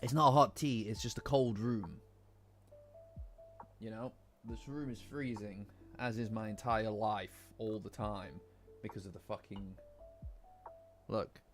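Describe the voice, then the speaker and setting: A man's voice: on the low side, steady tone, a little slow, long pauses. A man with a lingering cough, chatting casually and rambling with his live-stream audience, swearing now and then. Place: cold room at home. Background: faint lo-fi music.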